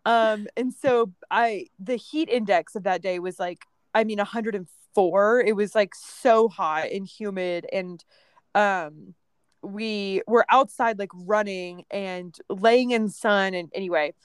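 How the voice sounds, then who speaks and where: Smooth-voiced young woman telling a story. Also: medium pitch, slow, no room sound. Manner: relaxed, laughing storytelling with many fillers. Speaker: storyteller in a chat. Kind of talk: casual chat.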